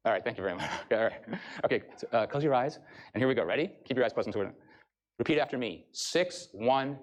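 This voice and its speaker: A male professor giving a university lecture and explaining things briskly to his audience. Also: medium pitch, lively intonation. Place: lecture hall.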